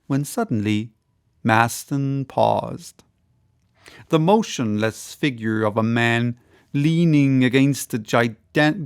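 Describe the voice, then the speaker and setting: A man reading a classic novel aloud as an audiobook narrator, measured and even. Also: mid-range voice, creaky. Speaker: audiobook reader.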